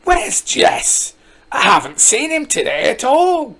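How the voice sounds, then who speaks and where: Reader voicing an old countrywoman, stern, scolding, husky, lively pitch. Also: takes it slowly, exaggerated voice. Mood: cross. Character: elderly countrywoman, stern and protective.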